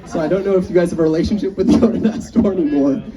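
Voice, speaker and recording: A man's voice: high-pitched, very fast, dark tone. A young man giving a memorial speech, telling rambling anecdotes with frequent chuckles, picked up from a distance. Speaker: eulogy speaker. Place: memorial gathering. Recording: distant mic, faint background noise.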